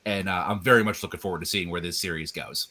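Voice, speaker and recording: Bright-voiced man, hesitant chat. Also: low-pitched, fairly even intonation, fast. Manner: hesitant, many ums and restarts. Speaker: co-host. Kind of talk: casual chat.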